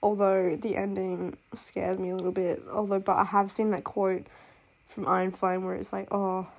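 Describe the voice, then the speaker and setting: A woman's voice: mid-range voice, flat delivery, moderate pace, vocal fry. Gushing young woman, sick and coughing. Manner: gushing and rambling, full of "like" and "oh my god". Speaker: book vlogger. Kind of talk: casual chat.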